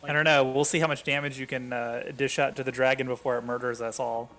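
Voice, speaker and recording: A man's voice: mid-range voice, flat delivery, fast, over music. A man playing a tabletop game, making wry quips with frequent swearing. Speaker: player. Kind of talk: casual tabletop game chat.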